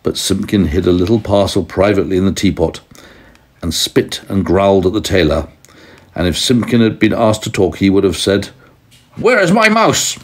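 A man reading a storybook aloud to his young child at home, gently pausing to ask questions. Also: sits low. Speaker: parent telling a story to a toddler.

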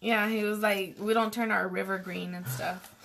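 A woman's voice: mid-range voice, steady tone, normal speed, vocal fry, a bit bright. A woman co-hosting a live stream who reads viewer comments aloud in a casual, giggly way. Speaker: co-host reading viewer comments.

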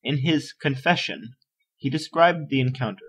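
A man reading an encyclopedia article aloud in a measured, even narration. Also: mid-range voice, breathy edge. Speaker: volunteer article reader. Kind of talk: steady read-aloud narration.

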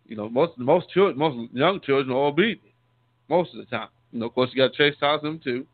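Over a tinny, dry phone-line recording without echo, a deacon with a medium-pitched voice delivers a brisk, conversational sermon. He calls his listeners saints and often repeats himself or starts words over.

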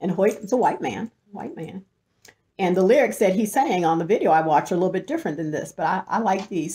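A middle-aged woman hosting a show, telling a story in an animated way and often breaking into laughter. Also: lowish voice, fast talker. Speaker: host. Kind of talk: storytelling monologue.

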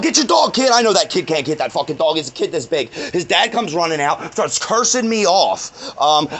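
In a voice on the high side and a bit bright, a shaken, angry man records himself on his phone outdoors in a parking lot. Swearing often, he gives an agitated first-person retelling of a dog attack.

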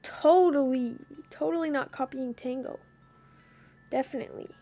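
A woman streaming a video game, chatting casually as she plays, swearing freely and now and then breaking into loud panicked yelling. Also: on the high side, lively intonation, a little slow, faint music behind. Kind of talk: casual gaming commentary.

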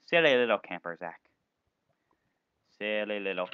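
Excitable man, lively bright gaming voice. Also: mid-range voice, normal speed, no room sound. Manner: excitable, yelps and exclaims often; silly, playful banter at other players. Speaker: gaming video host. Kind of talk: playing and commentating a video game.

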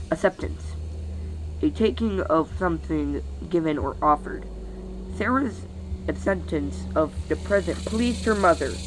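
A host reading a dictionary aloud, halting and stumbling over words, with weary sighs between entries. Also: medium pitch, background noise.

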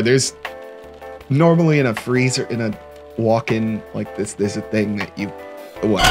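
A man giving joking, animated commentary while playing a horror game, with the game's music faint behind him. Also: fairly low pitch, normal speed. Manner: joking, animated, often laughing. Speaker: let's play host. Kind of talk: playthrough commentary.

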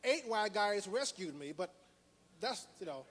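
A man's voice: high voice, expressive, measured pace, fairly bright tone, big-room sound, slight background noise. A man giving a motivational lecture to an audience, telling a personal story with dramatic repetition. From United States. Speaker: motivational speaker.

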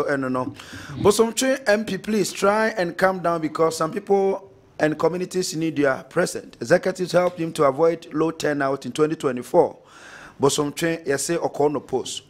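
Ghanaian man, radio talk host, loose and laughing, reads listener texts. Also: a little high. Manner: chatty, laughs often, switches languages. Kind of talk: casual radio talk, reading listener messages.

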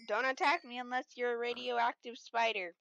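A woman's voice: a little high, a bit bright, a little hiss or hum. A woman giving casual, chatty commentary while playing a game, easily startled and talking to the animals around her. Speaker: gamer streaming play. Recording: dull lo-fi sound.

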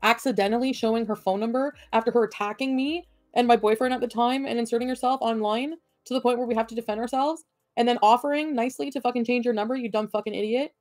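Angry sarcastic woman streamer, dark tone, dry desk-mic sound with faint music. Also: a little high, fairly even intonation, fast, few pauses, dry recording. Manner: profane, combative and sarcastic. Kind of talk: livestream rant at chat.

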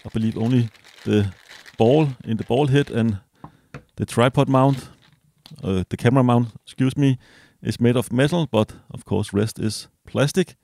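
A man casually reviewing a small gadget as he unboxes it, relaxed and hesitant, with fillers and self-corrections. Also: mid-range voice, moderate pace, vocal fry. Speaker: product reviewer.

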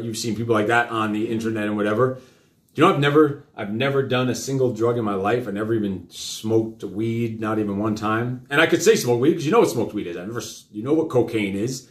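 A middle-aged man hosting a live talk show, lecturing his child in a fast, rambling way full of questions. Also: medium pitch. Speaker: host. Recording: roomy echo.

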